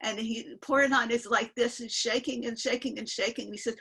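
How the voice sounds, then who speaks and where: An older woman with a bright, forceful tone and a husky edge, telling a long story on a video call. She wanders, restarts her sentences and chuckles between the lines. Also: on the high side, fairly even intonation, a little fast, hardly any pauses, low-quality recording. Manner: rambling, self-interrupting, laughs while telling. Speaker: guest storyteller. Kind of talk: casual spoken storytelling.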